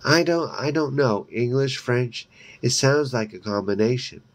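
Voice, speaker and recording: A man's voice: mid-range voice, unhurried, voice pushed up, lightly acted. A man reading aloud and voicing a friendly, curious teenage boy at school, in a slightly raised tone.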